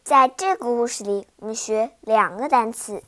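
A woman's voice: fairly high pitch, normal speed. A woman giving a short vocabulary lesson, spelling words out letter by letter. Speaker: language teacher.

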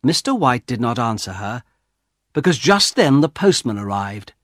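A man narrating a graded-reader audiobook, slowly and with clear, expressive delivery on a close mic. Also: mid-range voice, no room sound. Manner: slow, clearly articulated, expressive.

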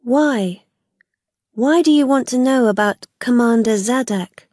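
A woman's voice: fairly high pitch, measured pace, darkish tone, dry recording, studio quality, voice pushed up. A woman doing a defiant young prisoner girl. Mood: urgent.

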